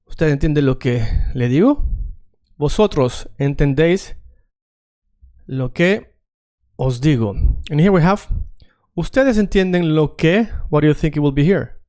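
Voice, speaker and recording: Guy teaching online, kinda high voice, rambles and repeats stuff. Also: lively intonation, measured pace, a little mellow. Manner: chatty, digresses, repeats phrases while writing on screen. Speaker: Spanish teacher. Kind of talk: casual online language lesson.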